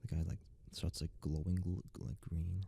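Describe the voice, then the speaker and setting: A young man rambling in a soft-spoken ASMR style, close to the mic, filling his talk with "like". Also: sits low, little pitch movement, normal speed, vocal fry, husky, dry recording. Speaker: ASMR creator.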